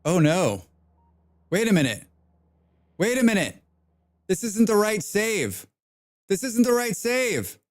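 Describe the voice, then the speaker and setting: Animated, rambling male game streamer. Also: high voice, slow, long pauses. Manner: rambling, profane, reads chat aloud. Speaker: livestreamer. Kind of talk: casual game stream chat.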